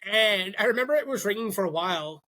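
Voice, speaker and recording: A young man co-hosting a casual podcast, telling a long story with a bright, clear voice. He jumps into the voices of the people he quotes and keeps the chat loose. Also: high-pitched, fast. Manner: animated, acts out quoted voices. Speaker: podcast co-host.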